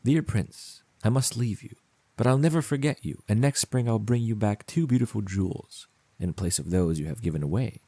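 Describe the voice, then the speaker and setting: A man's voice: lowish voice, normal speed, mellow, no room sound, pitched above the performer's own voice. A man reading aloud, voicing a small kind-hearted male swallow in a storybook with a tender, pleading manner.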